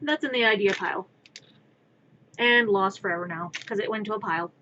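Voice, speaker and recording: Bright-voiced woman chatting on stream. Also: mid-range voice, brisk, muffled recording, a little hiss or hum. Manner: rambling, playful, talks to her cat. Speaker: crafting streamer and artist. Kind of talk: casual live-stream chatter. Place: her own room.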